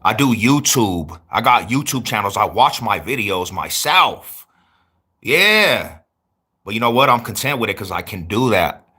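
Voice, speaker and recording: A man in his forties chatting casually on a livestream, answering viewers with hyped street slang and loud shout-outs. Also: lowish voice, animated, normal speed, slightly rough. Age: 40s. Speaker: YouTuber.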